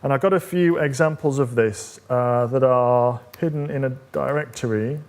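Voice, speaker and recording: A man presenting as a technical evangelist, explaining a software demo step by step in a conversational way with frequent fillers. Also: mid-range voice, normal speed. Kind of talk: live coding demo presentation.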